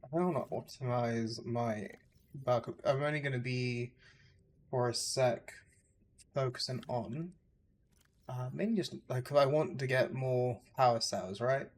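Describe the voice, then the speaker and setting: Young english guy rambling on stream, lots of likes and uhs, middle pitch, faint noise behind. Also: a little slow. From England. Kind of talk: casual gameplay chat with viewers.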